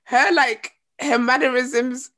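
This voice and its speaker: A woman's voice: high-pitched, fairly even intonation, takes it slowly, bright, forceful tone. A young woman, co-hosting a casual podcast chat, emphatic and slangy, laughing a lot. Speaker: podcast co-host.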